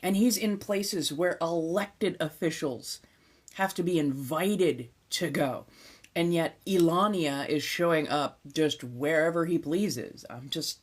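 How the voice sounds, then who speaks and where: On her live stream, an ASMR streamer from California talks in a relaxed, casual way, cursing freely and occasionally dropping into gentle whispers. Her voice sits low.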